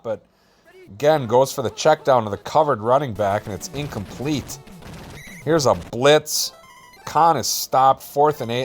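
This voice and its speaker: A man doing relaxed, jokey play-by-play commentary over a video football game, with self-deprecating asides. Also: lowish voice.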